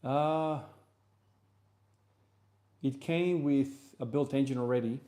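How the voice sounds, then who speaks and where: Mellow-voiced Australian man chatting. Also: medium pitch, takes it slowly. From South Australia. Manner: relaxed, rambling answers to chat questions. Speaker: streamer and lifter. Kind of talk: casual livestream chat between gym sets.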